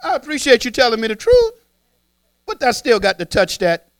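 A man's voice: very high-pitched, huge pitch swings, normal speed, no room sound, voice pushed up, exaggerated voice. A man doing a stern, fair father. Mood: firm. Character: stern but fair father about to punish.

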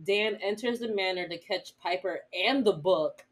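A woman co-hosting a casual TV recap podcast. She talks in an animated, giggly way, and her pitch leaps up suddenly. Her voice sits in a middle register. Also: normal speed. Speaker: podcast co-host.

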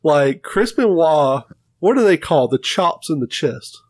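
A man's voice: on the high side, measured pace, dry recording. Profane storytelling man, dry close mic. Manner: profane, animated retelling with quoted voices. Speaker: podcast co-host. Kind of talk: casual chat, storytelling.

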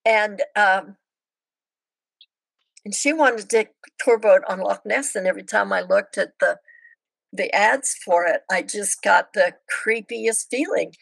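An older woman appears as a podcast guest, telling her missionary stories in a casual, chatty storytelling interview full of anecdotes. Her mid-range voice is creaky and a bit bright at a measured pace. The recording is dry and rough.

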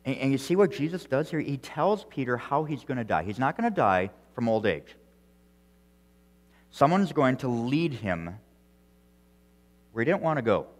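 A male pastor preaching an earnest sermon, repeating words as he goes and swinging between loud emphasis and quiet, soft phrases. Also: medium pitch, sing-song, normal speed, pauses often, long reverb tail. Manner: earnest preaching with frequent restarts and strong swings in loudness.

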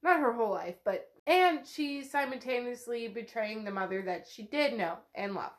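A woman's voice: fairly high pitch, animated, normal speed. Chatty, cursing woman recapping a book. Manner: chatty, swears freely, heavy use of "like".

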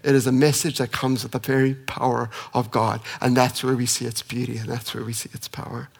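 A man's voice: mid-range voice, flat delivery, fairly quick, creaky, breathy edge. Impassioned male preacher in reverberant hall. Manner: impassioned, rising to emphatic peaks then dropping soft. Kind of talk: sermon.

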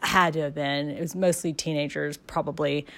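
A woman telling a heartfelt, emotional story about her first concert, laughing and trailing off softly, recorded by herself. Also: low voice, fairly even intonation, moderate pace. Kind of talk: casual storytelling, self-recorded.

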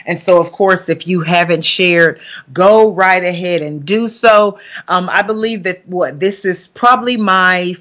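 A woman's voice: fairly low pitch, fairly even intonation, a little slow. A woman in her forties from Alabama with a Southern country accent, hosting a live broadcast in a chatty, upbeat way. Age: 40s. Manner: chatty, warm greetings to listeners, upbeat. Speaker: host and pastor. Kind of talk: casual live broadcast chat.

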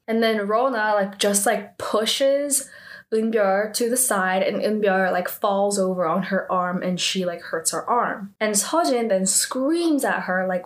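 Woman casually recapping a drama, full of "like". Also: measured pace. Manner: fills with "like" constantly, acts out quotes with raised pitch.

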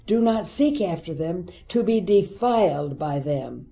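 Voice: medium pitch, animated, a little slow, gravelly, hardly any pauses, dark tone, rough recording. A Bible teacher reading scripture aloud and breaking off for emphatic, conversational asides.

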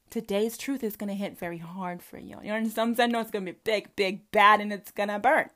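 A woman's voice: medium pitch, fairly even intonation, fast, few pauses, fairly bright tone. A woman with a Southern American accent delivering a combative, profanity-laced rant full of rhetorical questions. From Southern United States. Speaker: commentator. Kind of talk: profane religious rant to camera.

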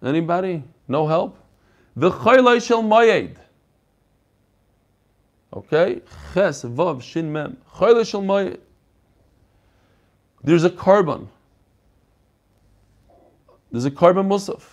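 A man teaching an online Talmud class over a video call, animated and quizzing his students. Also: a little high, slow, pauses often, muffled recording. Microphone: computer mic on a video call.

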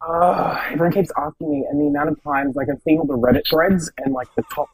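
A sassy man chats as a podcast guest. His voice is high and husky with a gravelly edge and leaps around in pitch. The sound is close and dry. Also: big pitch swings, quick pace, dry recording, poor audio. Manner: brash, sassy, swears freely. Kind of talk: casual chat.

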